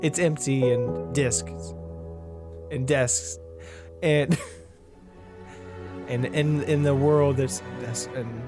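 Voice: mid-range voice, steady tone, extremely slow, pauses often, over music. A person telling a made-up spooky story among friends, stumbling over words and giggling, in a casual joking way. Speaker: storyteller in a group game.

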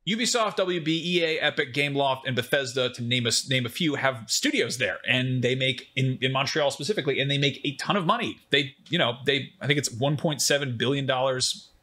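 A man's voice: mid-range voice, a little fast, few pauses, bright, forceful tone. A man hosting a casual podcast chat, rambling and jokey as he talks. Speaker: substitute podcast host.

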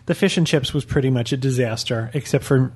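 A man's voice: mid-range voice, fairly quick, a little mellow, husky. A man giving a blunt, opinionated restaurant review on a casual podcast. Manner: blunt, opinionated, lists menu items. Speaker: dining reviewer.

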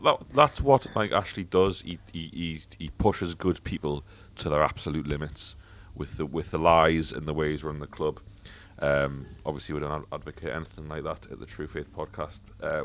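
A man's voice: very deep voice, steady tone, normal speed, fairly bright tone. A man hosting a casual football podcast, talking bluntly with swearing and frequent fillers. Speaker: podcast host.

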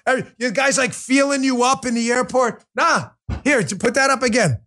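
A man hosting a commentary podcast with a high voice that swoops up and down as he talks. He is animated and jokey, and he throws in casual swearing. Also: brisk, few pauses. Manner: animated, joking, profane. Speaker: podcast host. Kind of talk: political commentary show.

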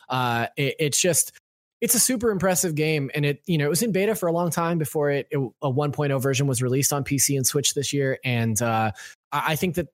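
A man's voice: medium pitch, no echo, clean studio sound. A man on a podcast, chatting casually and enthusiastically in a loose, rambling way. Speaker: podcast co-host.

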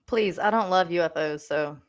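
A woman's voice: on the low side, moderate pace. A woman hosting a podcast, chatting casually and steering the talk back to the topic. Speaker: podcast host.

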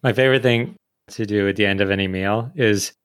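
A man hosting a casual chat, playful and quick to laugh, with lots of filler words. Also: on the low side, smooth, no echo, studio quality. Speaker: host.

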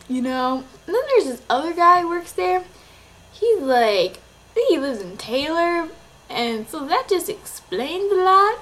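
A woman's voice: sits high, big pitch swings, unhurried, a bit bright. A nineteen-year-old woman vlogging, chatty and rambling with lots of "like" and giggles. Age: young adult. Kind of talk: casual chat to camera.

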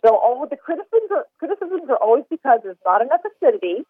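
A woman's voice: sits high, sing-song, dry recording. Upbeat woman chef over a phone line. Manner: enthusiastic, talks fast in long run-on explanations. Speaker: chef and recipe developer. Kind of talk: casual podcast interview. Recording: tinny phone line, dry.

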